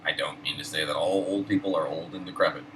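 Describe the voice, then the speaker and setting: A man telling a story in a laid-back, profane, wry way while high. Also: fairly even intonation, quick pace, bright, forceful tone. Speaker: host. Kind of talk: casual storytelling. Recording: distant mic, air-conditioner hum.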